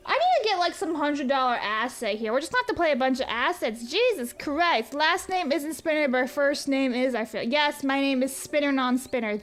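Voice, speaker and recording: A woman live-streaming a game, rambling through stories and reading donations in a casual, swearing, animated way. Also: high-pitched, normal speed, few pauses. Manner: rambling, swears freely, laughs at her own stories.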